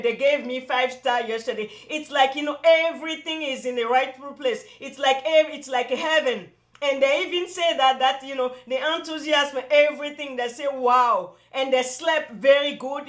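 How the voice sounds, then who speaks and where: Woman host, high-pitched, enthusiastic, chatty spiritual talk with lots of restarts. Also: a bit bright. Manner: enthusiastic, full of "you know" fillers and restarts.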